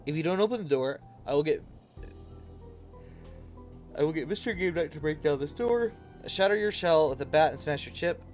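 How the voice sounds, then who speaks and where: An eager little puppy from a video game, loyal and pushy, pleading earnestly and boasting about its strong friend, as a man puts it on. The voice sits a bit high, with faint game music underneath. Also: lively intonation, moderate pace, pauses often, a little mellow, lightly acted. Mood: boastful.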